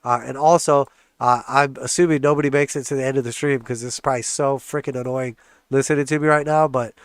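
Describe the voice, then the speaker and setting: A man's voice: mid-range voice, fairly even intonation, fast talker, smooth, no echo, clean studio sound. Stuffed-up man streaming trading charts. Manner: casual, joking, hype-man cheering on charts. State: congested, stuffed-up nose. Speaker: trading channel host. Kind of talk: live stream chart commentary.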